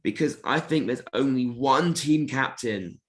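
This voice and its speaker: A man talks in a relaxed interview over what sounds like a video call. He rambles, piling up fillers and restarts as he works through a story. His pitch sits in the middle of the range for a man. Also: measured pace. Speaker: robot combat team member. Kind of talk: casual interview chat.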